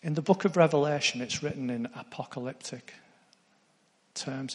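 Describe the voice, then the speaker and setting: A man's voice: medium pitch, moderate pace, in a large hall. A man preaching a sermon, earnest, putting direct questions to his congregation.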